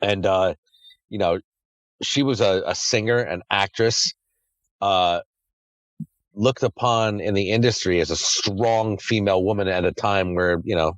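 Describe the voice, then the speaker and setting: A man's voice: low voice, unhurried, dry recording, poor audio. A man hosting a podcast in a casual chat, rambling and swearing freely. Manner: crude, profane, rambling. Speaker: podcast host.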